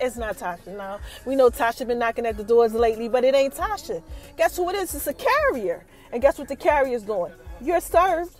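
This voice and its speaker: A woman with a high, bright-pitched voice tells a TV episode's story in a slangy, conversational way. She teases each twist with repeated rising questions and keeps the energy animated. Faint music plays underneath. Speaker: podcast host. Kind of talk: casual TV episode recap.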